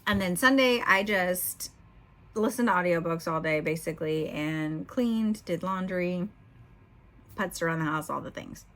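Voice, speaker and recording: A woman's voice: lowish voice, a little slow, a bit bright. A middle-aged woman chatting candidly in a casual vlog, often using "you know" and "y'all". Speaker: book vlogger.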